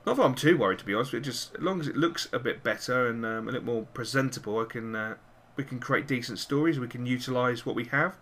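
A man hosting a gaming channel talks quickly with few pauses at a medium pitch while commentating on a football video game. He gets worked up, cheering and swearing at his players.

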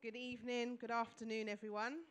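A woman's voice: fairly high pitch, little pitch movement, fairly quick, noisy background. A woman, speaking to an audience on a handheld mic and explaining her work in a composed way with frequent ums. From Tottenham, London. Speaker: solicitor. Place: community event room.

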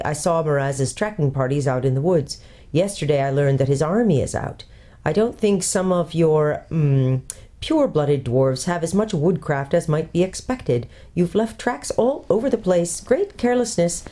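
A woman's voice: low-pitched, animated, moderate pace, dark tone. A woman doing a courtly, learned old tutor. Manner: courtly, precise, explaining. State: out of breath from hurrying. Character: learned old male tutor, brisk, kindly.

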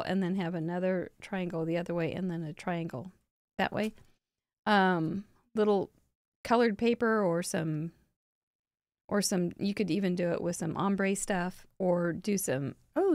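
A woman's voice: medium pitch, no echo, clean studio sound. A woman chatting casually as host of a live crafting show, opening mail from viewers and laughing often. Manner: chatty, warm-hearted, laughs often, yawning from a long day.

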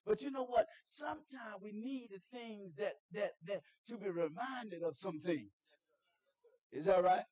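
A middle-aged man preaching in a church as a guest chaplain, telling stories conversationally, asking the congregation questions, and building up to shouted preaching. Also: sits high, a little slow, no echo. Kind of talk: sermon.

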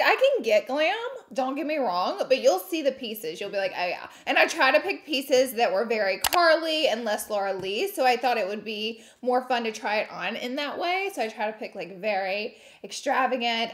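A woman in her thirties hosting a casual unboxing vlog, chatty and bubbly, laughing often. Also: on the high side. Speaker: beauty YouTuber host.

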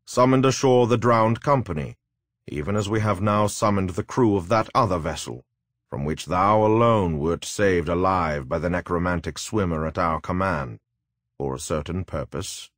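A man reading aloud and voicing a sinister older male necromancer who speaks slowly and gravely in a storybook tale. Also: sits low, no echo, studio quality, natural voice.

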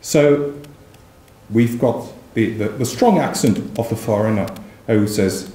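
A man giving an academic lecture as a visiting professor, measured and emphatic, reading old verse aloud with stress. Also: lowish voice, mellow. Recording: roomy lecture room.

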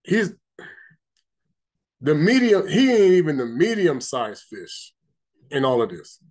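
A man's voice: on the high side, big pitch swings, slow, a little mellow. A man giving an informal spiritual teaching, emphatic and rambling, repeating himself and reading scripture aloud. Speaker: religious teacher.

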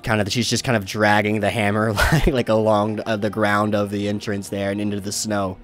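A man runs a tabletop game, describing the scene in a loose, rambling way. His voice sits low, and he restarts sentences often. Faint music plays underneath. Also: little pitch movement, normal speed. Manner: rambling narration with many fillers and restarts, laughing. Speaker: game master.

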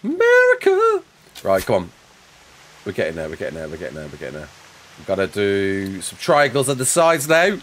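A young man chatting casually with viewers while playing a game live, quick to laugh and often restarting his sentences. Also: low voice, slight background noise. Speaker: live streamer.

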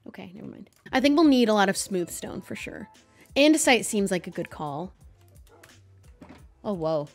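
A young woman Minecraft streamer gives playful, casual commentary while building, talking to the animals in the game. Her medium-pitched voice swings widely in pitch at a moderate pace, over soft background music.

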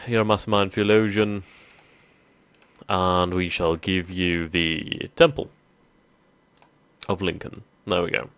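A man's voice: low voice, fairly bright tone, dry recording. A man hosting a strategy game let's play, thinking aloud casually with many ums. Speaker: gaming video host.

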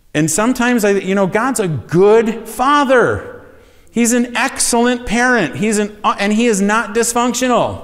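A man delivers a teaching sermon in a conversational way, stopping to ask his listeners questions. His voice sits a little high. The sound carries a long reverb, as in a church sanctuary. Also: animated, a little slow, a bit bright. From USA. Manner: conversational, asks the congregation questions. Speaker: pastor.

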